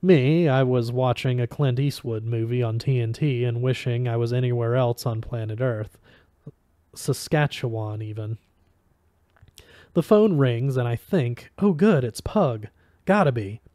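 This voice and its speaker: Man reading a novel aloud, mellow dark tone, dry close sound, easygoing with small stumbles. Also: medium pitch, unhurried, dry recording. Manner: casual reading with small slips and restarts. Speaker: audiobook reader.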